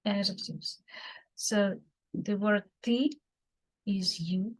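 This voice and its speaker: A woman teaching beginners, explaining slowly and patiently with many fillers and repeated examples. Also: medium pitch, steady tone, low-quality recording. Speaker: Russian language teacher. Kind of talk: beginner language lesson.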